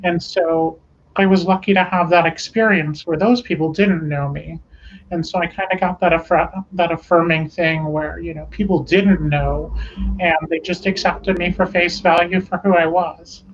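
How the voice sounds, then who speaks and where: A woman speaking as an interview guest, measured and pausing often with "um". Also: lowish voice, fairly even intonation, dull audio, slight background noise. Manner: measured, with frequent "um" pauses. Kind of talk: interview conversation.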